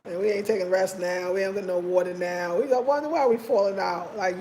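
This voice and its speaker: A woman talks to her viewers in a loose, chatty vlog, with emphatic, expressive delivery. Her voice sits at a middle pitch for a woman, and a faint noise runs under it. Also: brisk, rough recording. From United States. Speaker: vlog host. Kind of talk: casual vlog chat.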